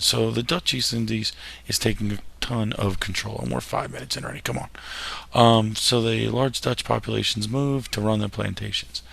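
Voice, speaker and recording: A male history teacher talks through his slides in a low, gravelly voice. The tone is husky and rough at the edges, and he keeps dropping in jokey, self-deprecating asides. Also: fairly bright tone. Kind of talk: recorded classroom lecture over slides.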